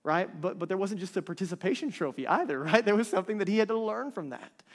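In a large, reverberant hall, a pastor in his thirties preaches with a high, expressive voice at a quick pace. His sermon feels like a conversation, and he often checks in with the crowd.

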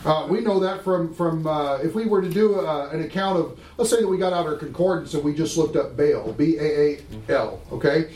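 A man's voice: on the high side, brisk, few pauses, a little mellow, a little hiss or hum. A man teaching a Bible class, emphatic and often asking the class questions. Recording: roomy room echo.

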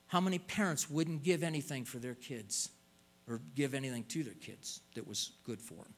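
A man's voice: mid-range voice, expressive, unhurried. An older man preaching a sermon in an earnest way, stretching out words and pleading as he stresses points.

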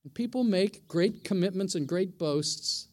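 A middle-aged male pastor preaches a sermon conversationally, frequently posing questions to the congregation. His voice is high with lively intonation, and he takes an unhurried pace.

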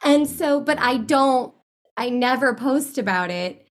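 A chatty woman answering interview questions in a relaxed way, laughing often as she talks. Her voice sits a little high. She wanders and trails off mid-thought. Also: measured pace. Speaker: interview guest. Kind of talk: casual interview chat.

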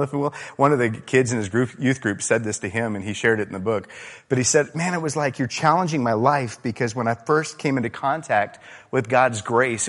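A man preaching a relaxed, conversational sermon as a pastor, often saying "man" and getting animated. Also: medium pitch. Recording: reverberant hall.

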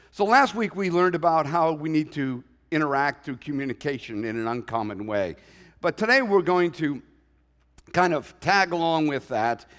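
A man's voice: a little high, fairly bright tone. A man preaching a sermon as pastor, conversational and joking, acting out quotes as he goes. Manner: conversational preaching with humorous asides and acted quotes. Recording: long hall reverb.

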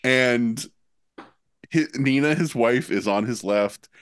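On a podcast, a co-host shares a prank story casually, laughing through it while searching for the right words. He speaks slowly in a mid-range voice, captured in studio quality with no room sound.

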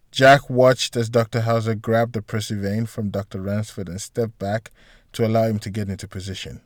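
A man's voice: on the low side, normal speed, no room sound, clean studio sound. Man reading a novel aloud. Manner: steady storytelling. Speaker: audiobook narrator. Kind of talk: scripted narration.

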